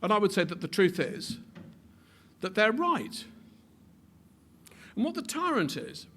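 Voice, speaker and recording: A man gives a public talk in a fairly high voice, rising to forceful emphatic peaks. He often stumbles into repeated words and restarts sentences. Faint noise hums under the recording. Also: unhurried. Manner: animated, builds to emphatic peaks. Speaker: speaker.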